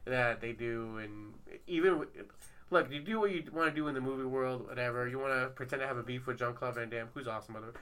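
A man's voice: mid-range voice, fast, a bit bright, clean tone. A man hosting a podcast, telling a long rambling story in casual chat with lots of fillers. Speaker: podcast host.

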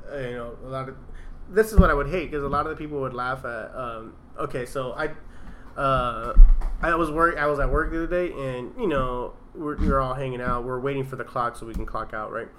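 A man chatting casually, rambling and animated, telling stories with laughs and swearing. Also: medium pitch, a little fast, slight background noise. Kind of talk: casual chat.

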